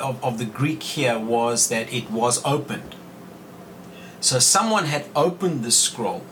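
A man hosting a podcast, reading Bible verses aloud and explaining them in a measured way. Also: medium pitch, a bit bright, far from the mic, a little hiss or hum, poor audio. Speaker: podcast host teaching scripture.

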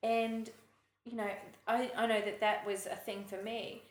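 A woman's voice: a little high, little pitch movement, unhurried. Earnest woman in an echoey room. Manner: earnest, confessional, trailing off and restarting. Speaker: podcast co-host. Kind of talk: casual Christian podcast chat.

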